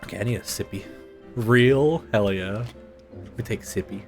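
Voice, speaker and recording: A man's voice: lowish voice, normal speed, creaky, over music. A man streaming a game live, chatting casually with viewers in a laid-back way and laughing often.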